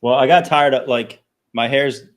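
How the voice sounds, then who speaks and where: A man's voice: mid-range voice, moderate pace. Chill guy on a podcast, teases the others, easygoing talk. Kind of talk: casual chat.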